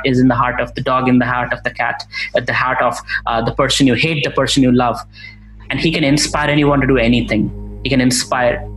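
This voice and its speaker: A man giving a spiritual talk and telling a story, speaking in a halting way with many fillers and restarts. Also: mid-range voice, fairly bright tone, echoey room, poor audio. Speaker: spiritual teacher.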